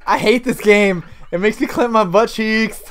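A man's voice: high voice, normal speed, faint music behind. A man co-hosting casual gameplay commentary, swearing and joking with many laughs. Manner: profane, joking, laughs often. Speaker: co-host.

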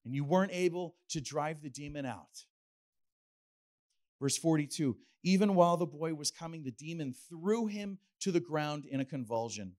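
A middle-aged man preaching a sermon as pastor, animated and playful, slipping into acted asides. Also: a little high, a little slow, pauses often.

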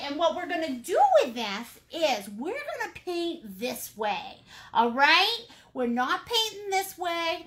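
A high, sharp-toned woman with a Maine accent leads a live painting class. She's bubbly, playful and chatty, greeting her viewers with pet names and endearments.

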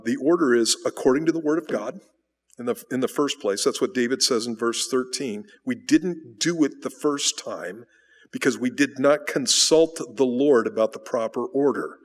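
A man preaching a sermon at a mid-range pitch, talking conversationally and putting rhetorical questions to the congregation. He often repeats a word while rephrasing a thought. The church hall adds a long reverb to his voice. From United States. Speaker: pastor. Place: church sanctuary.

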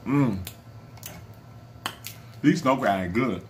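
A man hosting an eating vlog who gushes with thanks to his viewers, repeating words over and over between loud appreciative murmurs over his food. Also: mid-range voice, animated, takes it slowly, slight background noise. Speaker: mukbang channel host. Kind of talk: casual eating vlog chat.

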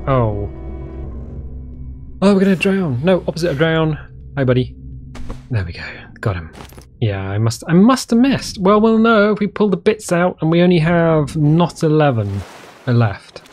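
A playful game streamer talks through a survival game in a loose, joking way, pitch bouncing up and down with every little surprise. The voice sits in a middle register, with faint music behind it. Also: darkish tone. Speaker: gameplay streamer. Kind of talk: casual gameplay commentary.

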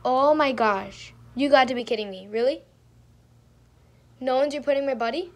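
A woman's voice: high voice, normal speed. A young woman casually commentating her own gameplay, sounding exasperated, talking to herself and often trailing off into mumbles. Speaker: gaming streamer.

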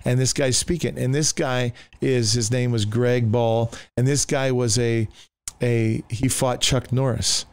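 A man's voice: medium pitch, measured pace, clean tone, dry recording. A middle-aged man, a pastor, telling his testimony in a conversation and acting out the voices of the people in it. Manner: animated, acts out the voices of people in his story. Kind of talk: storytelling in a conversation.

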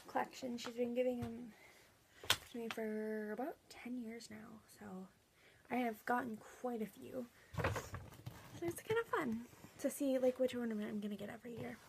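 Young woman, gravelly fry, fairly high voice, rambling casual vlog talk, steady noise behind. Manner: chatty, rambling with many fillers. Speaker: vlogger.

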